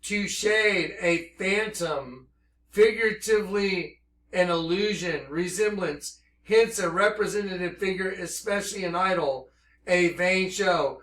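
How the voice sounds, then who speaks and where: A man giving an impassioned religious monologue, intense and excitable, reading scripture slowly and emphatically, then telling his story at a rush. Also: sits high, roomy sound. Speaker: religious speaker.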